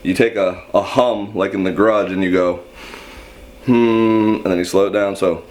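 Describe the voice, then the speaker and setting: Low-voiced man casually explaining screaming. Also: fairly even intonation, darkish tone. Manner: rambling, self-deprecating, halting restarts. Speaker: screaming vocal instructor.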